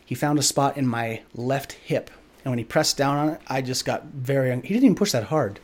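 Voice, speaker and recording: Earnest podcast host telling a personal story. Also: male voice, medium pitch, fairly quick. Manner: earnest, reflective, loose with many filler "like"s. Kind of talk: candid personal storytelling in conversation.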